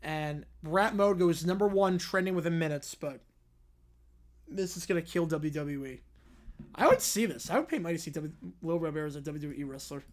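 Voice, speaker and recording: A male livestream host reading out viewer-sent stories, breaking in with quick animated asides. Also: a little high.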